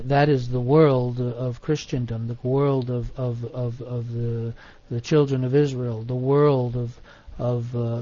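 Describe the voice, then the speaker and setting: A man teaching in an online Bible study, measured, stressing single words, with many fillers. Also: medium pitch, mellow, lo-fi sound.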